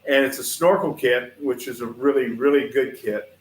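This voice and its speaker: A man's voice: medium pitch, fairly even intonation, moderate pace, echoey room. A man, hosting a casual livestream show and telling rambling stories straight to his viewers in a chatty, folksy way. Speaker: host of a livestream shop show. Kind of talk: casual rambling storytelling to chat. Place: workshop.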